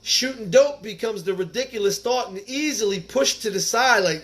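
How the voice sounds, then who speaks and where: A man's voice: high-pitched, expressive, moderate pace, few pauses, a bit bright. A man reading a recovery text aloud and breaking off into earnest personal commentary, talking casually and dropping in "man" and "like". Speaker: recovery speaker reading the Big Book.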